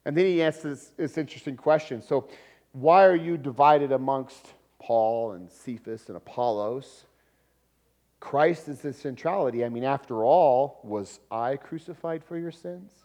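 A man preaching a sermon in a lively, conversational way, with laughs and sudden loud emphasis. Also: medium pitch, unhurried. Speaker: pastor.

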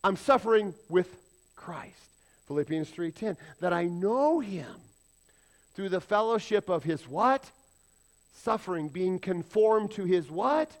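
A man preaching a sermon, asking the congregation rhetorical questions and answering them with emphasis, sometimes dropping to a hushed tone. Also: high voice, lively intonation, a little slow. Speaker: pastor.

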